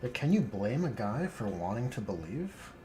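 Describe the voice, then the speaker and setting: A man hosting a relaxed live stream, painting miniatures and chatting with viewers in a dry, joking way. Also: mid-range voice, normal speed, soft background music. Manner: laid-back, dry joking, reads chat aloud.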